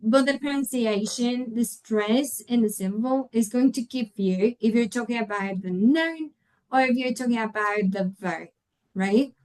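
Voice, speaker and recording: A woman's voice: on the high side, unhurried, a little mellow, low-quality recording. A woman whose first language is Spanish, giving a webinar lecture to teachers, patiently explaining and modelling example words aloud, often checking in with tag questions. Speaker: English teacher trainer.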